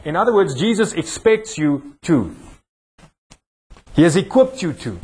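This is a man, a pastor with a South African accent, giving a sermon in a church hall while playfully teasing a volunteer and preaching with mounting emphasis. His voice is high, very animated, and unhurried, with long pauses and a slightly mellow, slightly rough quality.

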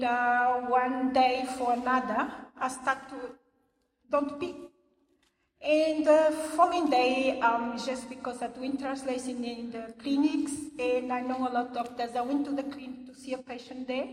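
An older woman, giving a personal testimony in church in halting English. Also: high voice. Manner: halting non-native English, earnest storytelling. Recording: echoey hall, voice from far off.

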